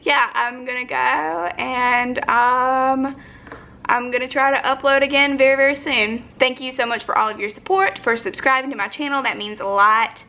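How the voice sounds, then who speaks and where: A woman's voice: high voice, steady tone, moderate pace, pushed and bright. A young woman vlogging casually at home, rambling and reflective, with lots of filler "likes". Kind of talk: casual personal vlog. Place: home, sitting on the floor. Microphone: phone or camera, battery low.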